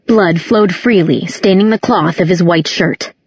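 A woman narrating a novel in a steady, measured reading. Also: on the low side, slightly rough, no room sound. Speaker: audiobook narrator. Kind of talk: scripted narration. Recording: dull, muffled recording.

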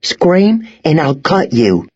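A man's voice: on the high side, big pitch swings, takes it slowly, darkish tone, breathy edge, highs cut off, pitched above the performer's own voice, exaggerated voice. Fierce teenage girl, as a man puts her on. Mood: fierce threatening. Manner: hissing, threatening. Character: fierce, frightened teenage girl wielding a knife.

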